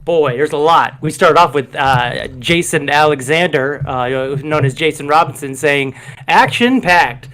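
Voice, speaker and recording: A man with a fairly high voice hosts a loose livestream chat. He rambles and riffs playfully and pokes fun at himself as he goes. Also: unhurried, a bit bright. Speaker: host.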